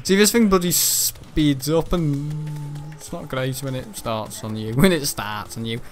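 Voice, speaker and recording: A man's voice: medium pitch, normal speed, faint music behind. Rambling man gaming. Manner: rambling, chatty, laughs often, excitable outbursts. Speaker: gaming channel host. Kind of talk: casual gameplay commentary.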